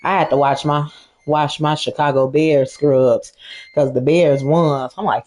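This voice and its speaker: A woman's voice: low-pitched, steady tone, unhurried, darkish tone. A middle-aged woman chatting casually and profanely to her stream audience while gaming, laughing at her own jokes.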